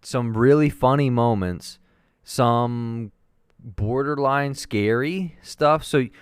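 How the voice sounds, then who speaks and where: Smooth-voiced man rambling about a movie. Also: medium pitch, slow, dry recording, clean studio sound. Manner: rambling, jokey, trails off mid-thought. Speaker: podcast co-host. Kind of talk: casual movie chat.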